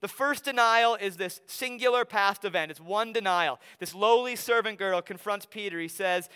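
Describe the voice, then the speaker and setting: A young man from Wisconsin with an Upper Midwest accent, preaching a sermon in a conversational way, often dropping soft for emphasis. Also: high voice, normal speed, hardly any pauses, clear, resonant tone. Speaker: pastor. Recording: long hall reverb.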